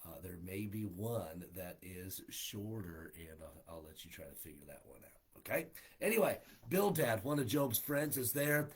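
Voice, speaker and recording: Folksy pastor, husky low voice. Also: male voice, big pitch swings, moderate pace. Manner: folksy, many "uh" fillers, paraphrases scripture in plain speech. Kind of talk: livestreamed Bible study. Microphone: livestream setup.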